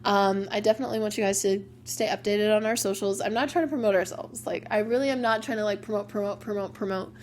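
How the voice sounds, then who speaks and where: A woman's voice: medium pitch, steady tone, fast, hardly any pauses, slight background noise. A young woman hosting a casual personal podcast, talking openly and emotionally with lots of "like" fillers. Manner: chatty, open and emotional, many "like" fillers. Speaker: podcast host.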